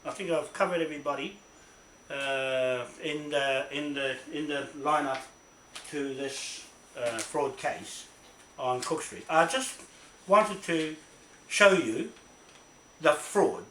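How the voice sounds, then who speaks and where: A man delivers a furious, profane rant, circling back on his points and demanding "right?" again and again. His voice sits a little high and sounds sharp and forceful. The room echoes around him, with faint noise underneath. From New Zealand. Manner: angry, profane, repetitive, keeps asking "right?". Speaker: self-recorded complainant. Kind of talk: ranting self-made video.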